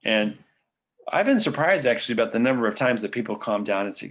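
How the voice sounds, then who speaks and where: A man's voice: medium pitch, animated, quick pace, fairly bright tone. A male physician presenter answering audience questions in an online lecture, talking casually and thinking aloud with frequent fillers.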